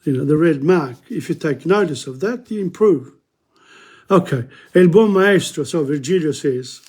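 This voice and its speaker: An older man, teaching in a loose, conversational way. His voice sits a little high for a man, and he stumbles and repeats words as he moves between recited verse and plain English explanation. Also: animated, darkish tone, breathy edge. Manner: halting, repeats words, mixes Italian quotes with English explanation. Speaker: teacher reading and explaining Dante. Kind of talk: informal lecture with readings in Italian.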